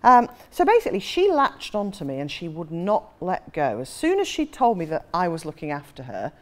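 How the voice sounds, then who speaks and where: A woman's voice: lowish voice, wildly swooping pitch, brisk. A woman in her forties, an author, telling a self-mocking anecdote with frequent laughter. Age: 40s. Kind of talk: anecdotal storytelling.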